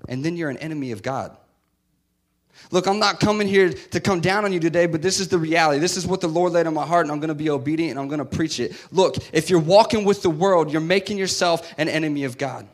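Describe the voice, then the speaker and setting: A man's voice: fairly high pitch, fast talker. A man preaching a sermon in a conversational way, often acting out the voices of the people he describes. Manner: conversational, acts out quoted voices, swings loud to soft.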